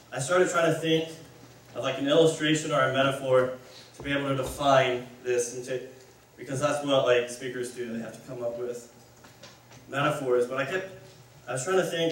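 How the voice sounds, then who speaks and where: A man's voice: mid-range voice, a bit bright, a little hiss or hum. A man giving a casual, conversational sermon, rambling and correcting himself as he goes. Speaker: speaker. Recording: echoey hall, mic far off.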